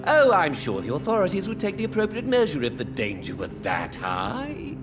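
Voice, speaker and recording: An actor playing a genial, oddly cheerful shopkeeper who relishes fine food, speaking theatrically. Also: male voice, fairly high pitch, wildly swooping pitch, normal speed, music in the background. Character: jovial male gourmand shopkeeper, oddly cheerful.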